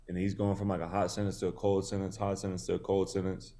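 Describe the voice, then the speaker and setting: A male boxer in his thirties from Tennessee tells a story in a casual interview, laid-back and full of "you know" fillers, acting out quoted dialogue. His low, dark voice is monotone and quick, with few pauses.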